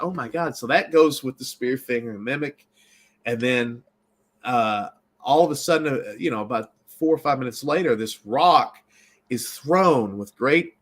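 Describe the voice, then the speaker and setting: A man from Baltimore, a filmmaker and actor, telling a story in a rambling, animated way with many restarts in a casual interview. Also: on the high side, breathy edge.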